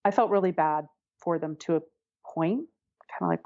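Woman guest on an interview, telling her story candidly with wry laughs, slightly low voice, dull dry sound. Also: normal speed, a little mellow, dry recording.

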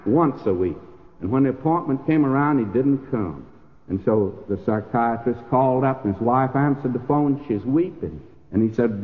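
A man's voice: medium pitch, animated, normal speed. An older man preaching a sermon in a church, folksy in manner and rising to emphatic peaks. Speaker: pastor. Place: church sanctuary. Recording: lo-fi phone-like old radio recording with long hall reverb.

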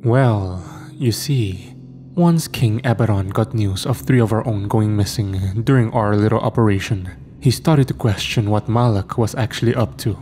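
A man's voice: fairly low pitch, moderate pace, dark tone, soft background music, natural voice. A man voicing a smug demon posing as a young man, speaking with casual, mocking menace.

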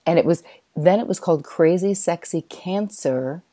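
Low-voiced woman telling a chatty story. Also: normal speed, mellow, no room sound. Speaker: podcast host. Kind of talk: casual interview storytelling.

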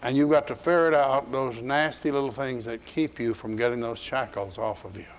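A man's voice: mid-range voice, fairly even intonation, moderate pace, slight background noise. A man preaching a sermon in a folksy, conversational way, acting out scripture in his own words. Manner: folksy, acts out biblical quotes in paraphrase. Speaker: pastor. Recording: 1980s archival sermon tape.

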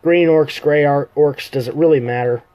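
An impatient male adventurer pushes back bluntly and a touch louder, as a man reading a fantasy novel puts him on. His voice is mellow and relaxed in timbre. The reading is plain rather than theatrical. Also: a little high, normal speed, no room sound, lightly acted, poor audio.

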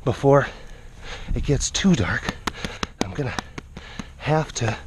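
A man's voice: mid-range voice, animated, slow, long pauses, a little hiss or hum. A man vlogging out of breath, giving a casual running commentary outdoors and coaxing animals along as he goes. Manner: coaxing, chattering to animals between remarks. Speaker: vlogger working with big cats.

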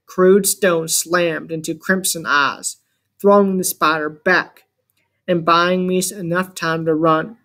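A man reading a first-person adventure story aloud as an audiobook narrator, with measured, dramatic storytelling. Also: on the high side, steady tone, sharp tone.

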